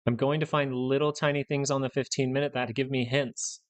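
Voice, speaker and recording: Fairly quick and level in tone, this young man's mid-range voice carries his livestream about the stock market. He rants without mincing words and repeats himself to drive points home.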